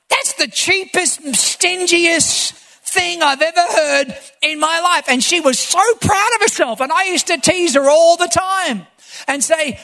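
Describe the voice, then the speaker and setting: Male preacher, very high pitched and bright, storytelling then shouting for emphasis. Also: measured pace. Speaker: pastor. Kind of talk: sermon.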